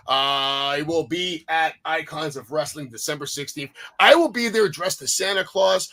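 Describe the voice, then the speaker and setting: A man's voice: on the high side, fairly quick, hardly any pauses, fairly bright tone. A man hosting a casual chat show, talkative and eager, running through plugs and upcoming events. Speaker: host.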